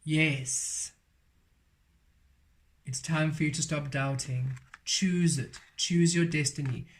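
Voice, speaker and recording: A man's voice: on the high side, steady tone, takes it slowly. A man giving a spiritual tarot card reading, emphatic and repeating his affirmations. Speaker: tarot reader.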